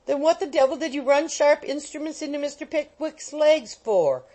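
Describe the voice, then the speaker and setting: A woman doing a blustering old gentleman. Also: a little high, big pitch swings, normal speed, pitched above the performer's own voice, poor audio. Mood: furious. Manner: blustering, shouting orders. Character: hot-tempered old country gentleman.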